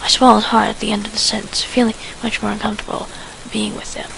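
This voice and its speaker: Woman narrating with heavy vocal fry. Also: mid-range voice, little pitch movement, fast talker, a bit bright, whispered, poor audio. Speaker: fan fiction reader. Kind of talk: first-person story narration.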